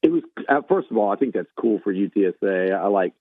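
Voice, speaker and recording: A man talks through a baseball season in a loose, restarting way, circling back to repeat himself. His voice sits a little low. The sound is narrow and phone-like, with no room echo. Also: animated, fast. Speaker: baseball analyst. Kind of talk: casual sports talk. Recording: tinny phone-line sound.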